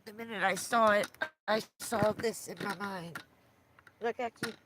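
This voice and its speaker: This is a chatty woman giving a laid-back livestream tour of her camper van. She speaks at an unhurried pace in a mid-range voice and rambles, filling gaps with "um" and "you know.". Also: medium pitch, noisy background. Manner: rambling, chatty, giggly, with many fillers. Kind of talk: casual livestream chat. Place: inside a small camper van.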